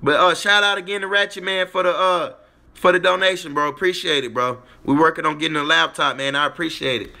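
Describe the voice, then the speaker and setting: A little fast and on the high side, this man's sharp voice carries some vocal fry. He hosts a casual livestream, rambling, talking to chat, and repeating "you get what I'm saying" as a filler.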